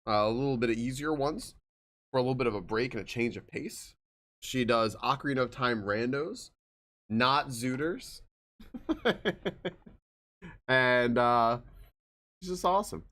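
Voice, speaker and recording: A man's voice: mid-range voice, lively intonation, moderate pace, long pauses, a bit bright. A man streaming live, chatting casually and greeting viewers by name, with frequent swearing. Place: home streaming room.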